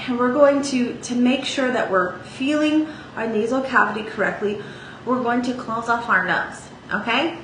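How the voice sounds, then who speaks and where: Bright-voiced singing teacher in echoey room. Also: female voice, on the high side. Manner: chatty, checks in with "okay?". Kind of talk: vocal lesson with sung demonstrations. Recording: echoey room with faint ambient noise.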